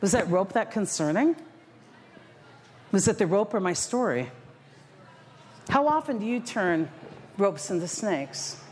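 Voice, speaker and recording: A middle-aged woman giving a motivational keynote talk to a live audience, telling stories in an animated, self-mocking, dramatic way. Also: mid-range voice, measured pace, pauses often. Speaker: motivational speaker. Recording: echoey hall with faint noise.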